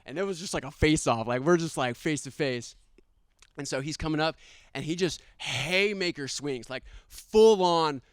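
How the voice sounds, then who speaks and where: A young man telling a personal story live, animated, laughing often and acting out quoted lines loudly. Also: on the high side, normal speed, clean tone, dry recording, clean studio sound.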